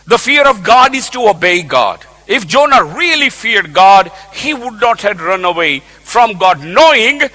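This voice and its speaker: Brief: emphatic male preacher with a very high, bright voice. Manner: emphatic, repeats key phrases. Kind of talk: sermon.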